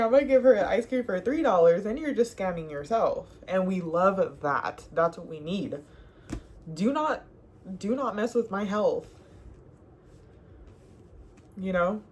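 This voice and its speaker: Sassy young woman giving advice. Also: medium pitch. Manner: sassy, animated, laughs often, talks to viewer as girl. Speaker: advice vlogger. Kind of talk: casual advice monologue.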